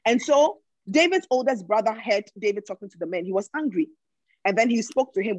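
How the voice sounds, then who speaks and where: A woman's voice: medium pitch, expressive, fairly quick, darkish tone, no room sound, rough recording. A woman teaching from the Bible in a sermon style. She reads verses aloud, then explains them with emphasis and often repeats words as she thinks.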